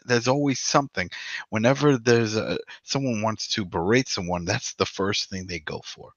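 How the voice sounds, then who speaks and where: A man co-hosting a podcast in casual discussion, rambling and animated, with frequent "you know". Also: low voice, no echo. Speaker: podcast co-host. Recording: dull lo-fi dry sound.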